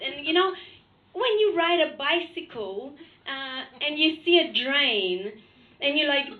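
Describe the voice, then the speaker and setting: A woman's voice: high voice, a little slow, reverberant, phone-quality sound. A woman from Russia with a Russian accent doing a crude, blunt stand-up comedy set on a club stage. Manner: blunt, crude, deadpan with frequent laughs.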